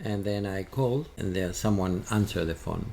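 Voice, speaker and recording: Gravelly Spanish-accented man telling stories. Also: low voice. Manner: halting, animated storyteller. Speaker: guest. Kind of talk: storytelling interview. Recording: faint background noise.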